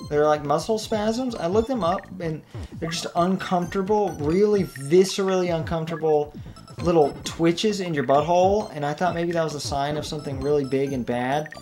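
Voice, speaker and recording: A young man with a fairly high, darkish voice talks at a normal pace while playing a video game, rambling through casual, self-deprecating commentary in classic let's-play style. He often laughs at his own jokes, and game music plays underneath.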